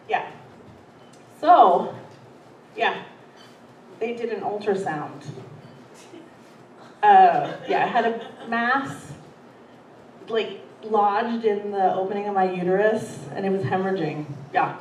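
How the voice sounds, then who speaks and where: A woman's voice: medium pitch, slow pace, pauses often, darkish tone, distant mic. A woman performing a profane, self-deprecating stand-up set in a comedy theater, laughing through her stories. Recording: roomy hall, heard from afar, noisy.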